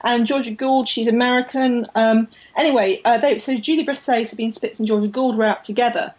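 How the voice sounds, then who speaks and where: A woman's voice: fairly high pitch, steady tone, a little fast, a little mellow, poor audio. A woman co-hosting a podcast in casual chat, chatty and laughing easily, sometimes stumbling over names. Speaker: podcast co-host.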